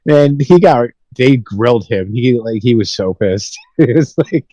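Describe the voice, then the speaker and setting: A man's voice: mid-range voice, expressive, unhurried, mellow, dry recording, lo-fi sound. A young man telling rambling, profanity-filled stories with laughs in a casual podcast chat. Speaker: podcast host.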